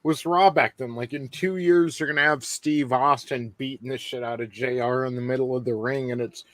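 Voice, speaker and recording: A man's voice: medium pitch, steady tone, moderate pace, no echo. A man hosting a podcast, wry and grumbling in casual chat as he reviews old shows. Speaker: podcast host.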